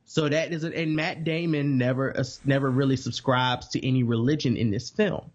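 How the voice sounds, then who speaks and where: Husky man on a muffled mic. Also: mid-range voice, steady tone, normal speed. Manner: joking storyteller, profane. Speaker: podcast co-host, film reviewer. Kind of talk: casual film review chat.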